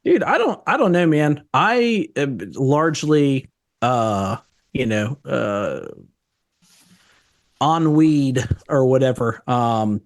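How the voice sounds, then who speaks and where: A man's voice: medium pitch, big pitch swings. A man chatting as a podcast guest, telling rambling, profane stories and jumping his voice up when he quotes himself. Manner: rambling storyteller, profane, quick voice jumps when quoting himself. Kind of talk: casual chat.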